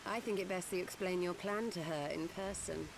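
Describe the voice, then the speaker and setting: A woman voicing a composed mage in a video game, speaking in a measured, dryly polite way. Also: lowish voice, creaky, background noise. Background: game music.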